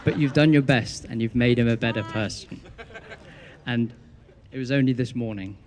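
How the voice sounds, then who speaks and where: A man's voice: mid-range voice, moderate pace, darkish tone. Dry-humoured young man giving a toast. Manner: dry storytelling with teasing punchlines. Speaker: best man. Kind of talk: wedding speech to guests.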